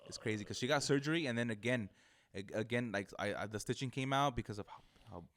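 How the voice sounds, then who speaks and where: A man's voice: medium pitch, fast talker, a bit bright. A young man, a barber guest on a podcast, chatting casually in a rambling, slangy way full of restarts. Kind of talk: casual chat.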